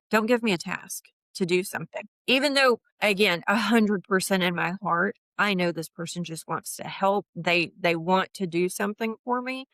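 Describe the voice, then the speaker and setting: A woman, a guest talking candidly in an interview, earnest and full of restarts, with lively emphatic bursts. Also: on the low side, no echo. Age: 50s.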